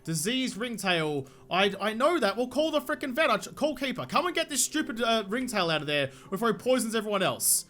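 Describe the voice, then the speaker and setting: Bright, high-voiced excitable gaming host. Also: male voice, brisk, few pauses. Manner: chatty and excitable, talks to the game animals. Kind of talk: casual gameplay commentary.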